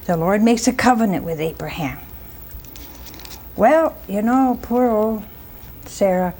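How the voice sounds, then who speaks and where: A woman's voice: mid-range voice, darkish tone, a little hiss or hum. A woman preaching a storytelling sermon, retelling scripture with chatty asides and rhetorical questions to the congregation.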